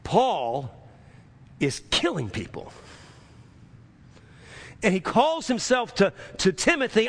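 Guy preaching, kinda high voice with a gravelly edge, keeps throwing questions at the crowd. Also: wildly swooping pitch, takes it slowly, pauses often, fairly bright tone. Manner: emphatic, rhetorical questions to the congregation. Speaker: pastor. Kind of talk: sermon.

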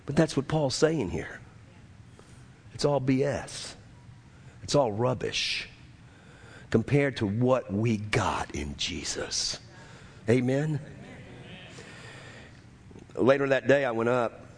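A man's voice: mid-range voice, expressive, takes it slowly, pauses often, husky. A man preaching a sermon, telling a story with impassioned, repetitive emphasis that builds and rises. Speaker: pastor.

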